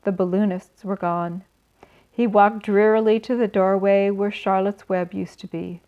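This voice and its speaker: A woman reading a children's book aloud in a gentle, expressive way, adding small asides for her listeners. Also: medium pitch, measured pace. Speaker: storyteller. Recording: slightly dull recording.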